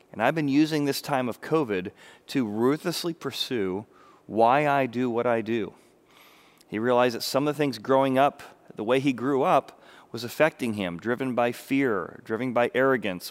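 A middle-aged man preaching a sermon, acting out the people in the story. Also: medium pitch. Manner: animated, acts out biblical speakers with raised voice. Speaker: pastor.

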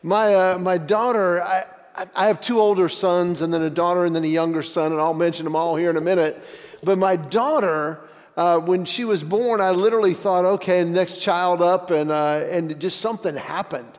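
A man in his forties, a stand-up comedian telling family stories as a guest speaker, acting out dialogue with lively voice shifts. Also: sits high, moderate pace. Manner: animated, acts out dialogue with voice shifts. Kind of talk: stand-up storytelling. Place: church auditorium. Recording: long hall reverb.

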